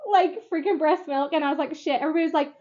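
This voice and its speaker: A woman's voice: sits high, steady tone, racing, warm tone. A young woman co-hosting a podcast, telling a story in casual chat, giggly and rambling with lots of fillers. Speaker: podcast co-host. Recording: dull lo-fi sound.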